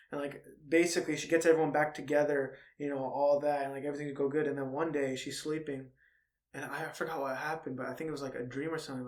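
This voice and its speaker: Guy on a podcast retelling a movie, kinda high voice, acts out the characters' lines. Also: echoey room. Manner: retells film scenes animatedly, acting out characters' lines. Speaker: podcast co-host. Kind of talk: casual chat.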